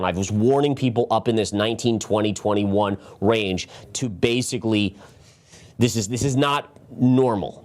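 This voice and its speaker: A middle-aged man hosting a live market analysis show, talking emphatically and calling his viewers "guys", sometimes short of breath from talking fast. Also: fairly low pitch. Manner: quick talk, sometimes winded. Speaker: market strategist and show host.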